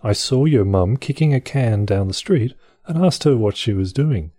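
A man putting on a posh voice to recite playground insults in a slow, haughty way. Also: mid-range voice, expressive, warm tone, dry recording, lightly acted.

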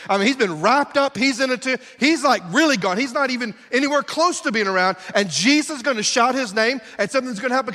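A man's voice: extremely high pitch, sharp tone. A middle-aged male pastor preaching a sermon in a church, emphatic and full of rhetorical questions to the congregation. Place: church sanctuary. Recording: long hall reverb.

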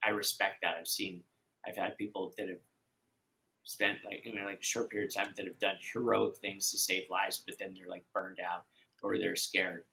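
A man talking as a guest in an interview, with a bright, pressing voice. He rambles and stops himself often, restarting sentences and filling gaps with "like.". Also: sits low, level tone, vocal fry, poor audio. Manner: rambling, halting, many fillers and restarts. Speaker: podcast guest. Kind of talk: emotional conversational interview.

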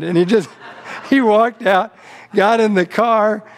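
A man's voice: high voice, steady tone, measured pace, big-room sound. A man pastor delivering a sermon, telling a story with frequent repeated words on restarts.

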